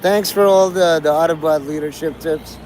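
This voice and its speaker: A man's voice: on the high side, moderate pace, a little mellow, a little hiss or hum, poor audio. A man in his forties hosting a livestream, rambling casually, trailing off and restarting his thoughts. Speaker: livestream host.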